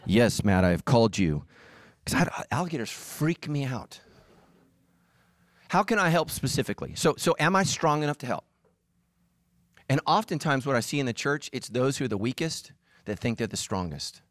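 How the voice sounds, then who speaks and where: Male pastor, middle-aged, comic sermon, lively up-and-down voice, dry close sound. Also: medium pitch, normal speed, pauses often, dry recording. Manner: animated, acts out voices and quotes. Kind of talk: humorous sermon.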